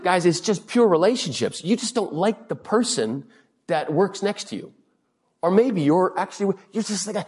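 A middle-aged man preaching a sermon, animated and joking as he acts out bits of dialogue. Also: fairly high pitch, breathy edge. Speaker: pastor.

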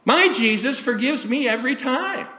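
An older male preacher voicing a defiant teenage girl in a high, drawn-out pleading voice within a sermon. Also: animated, bright, forceful tone, echoey room.

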